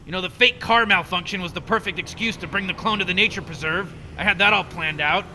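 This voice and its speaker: A man's voice: sits high, bright, forceful tone. A man voicing a cynical, scheming mad scientist grandfather in a video game, rambling in a dismissive, condescending way. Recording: game audio with long reverb and faint noise.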